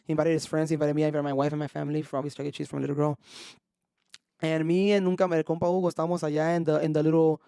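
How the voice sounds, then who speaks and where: A man's voice: fairly high pitch, flat delivery, rapid-fire, vocal fry, warm tone, clear, resonant tone, dry recording, clean studio sound. A young man telling a story on a podcast, casual and profane, switching between Spanish and English slang. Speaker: podcast co-host.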